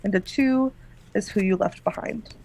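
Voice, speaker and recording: A woman running and playing in a tabletop game, explaining things in a relaxed way. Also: mid-range voice, moderate pace. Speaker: game master.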